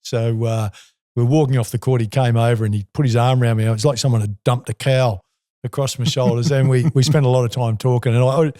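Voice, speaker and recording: A man in his sixties with an Australian accent tells vivid, colourful stories as a podcast guest. His voice is mellow and relaxed. It is recorded dry and close on a studio mic. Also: medium pitch, fast, no echo. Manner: animated, colourful storyteller. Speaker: guest, former basketball player. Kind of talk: storytelling in a podcast interview.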